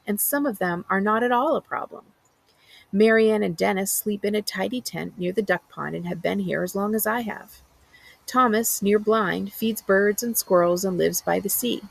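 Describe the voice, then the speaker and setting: Woman school librarian, reading aloud then recommending a book, gravelly, husky, dry close sound. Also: mid-range voice, no room sound, poor audio. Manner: earnest, enthusiastic book talk with some fillers.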